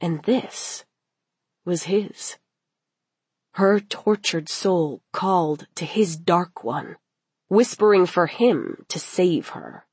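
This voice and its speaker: A woman reading a dark novel aloud as narrator, in slow, measured, dramatic narration. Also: lowish voice, animated, slightly rough, no room sound. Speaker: audiobook narrator.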